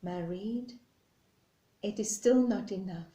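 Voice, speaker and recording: A woman speaking as a gentle, patient God in a parable, her voice soft and slow, recorded in an echoey room. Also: mid-range voice, natural voice. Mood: tender.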